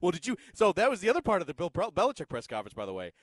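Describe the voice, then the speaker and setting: Lively, laughing radio co-host man. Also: sits high, rapid-fire, a crowd in the background. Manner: lively, laughs often, stammers. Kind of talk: sports radio talk.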